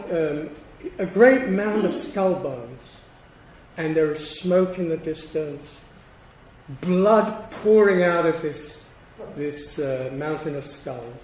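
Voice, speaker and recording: A man in his sixties giving an academic lecture, measured and emphatic, with deliberate pauses between phrases. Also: on the high side, lively intonation, darkish tone. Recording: roomy, distant hall sound with faint noise.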